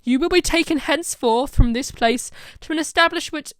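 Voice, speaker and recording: A stern female alien police officer, voiced by a woman with a Welsh accent, formal and commanding. Her voice rides fairly high. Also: normal speed, dry recording, lightly acted.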